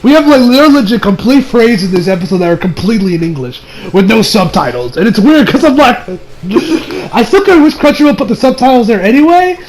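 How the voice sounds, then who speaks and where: A young man giving a casual, excitable anime review, swearing and laughing often. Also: sits high.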